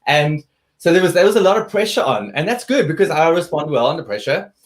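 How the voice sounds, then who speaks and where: A man's voice: a little high, expressive, fast. A man, a guest athlete telling his story earnestly in an interview, often restarting his sentences.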